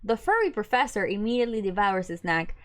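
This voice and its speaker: A woman's voice: medium pitch, big pitch swings, fast talker, fairly bright tone. A woman streamer reading a dating game aloud, breaking off into giggly, chatty asides.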